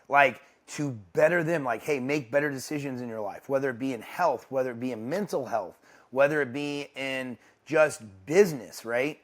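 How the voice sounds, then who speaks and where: A young adult man, an interview guest, speaking candidly and haltingly, with many restarts. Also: medium pitch. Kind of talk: casual interview talk. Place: ranch home.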